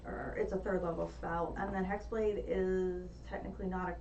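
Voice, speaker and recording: A woman's voice: fairly low pitch, moderate pace, slight background noise. A woman playing a tabletop game, explaining her spells and cheering on rolls. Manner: explains rules at length, excitable cheering. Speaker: player. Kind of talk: casual chat at a game table. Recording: distant, roomy, dull sound.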